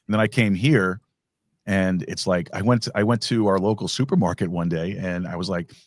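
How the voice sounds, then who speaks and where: A man's voice: sits low, steady tone, brisk, no echo. A man hosting a podcast, chatting casually and rambling with lots of restarts and fillers. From New York. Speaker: podcast host. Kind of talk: casual conversation.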